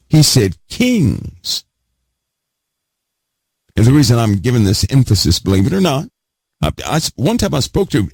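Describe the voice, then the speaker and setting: Emphatic gravelly-voiced male preacher. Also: lowish voice, darkish tone, no room sound. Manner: emphatic, repeats key words, asks the audience questions. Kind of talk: sermon teaching.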